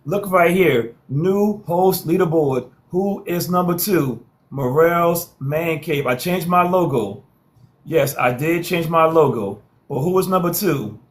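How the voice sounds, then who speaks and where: A man's voice: on the high side, slow. A man hosting a live social stream, hyping viewers with repeated calls to follow and share and playful trash talk.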